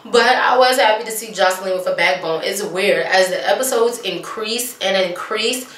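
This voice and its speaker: A woman casually recapping a TV episode, sassy and animated, putting on mocking voices for the people she quotes. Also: mid-range voice, moderate pace, few pauses, distant mic. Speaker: vlogger recapping a TV show. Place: small bathroom at home. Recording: echoey bathroom, voice off-mic.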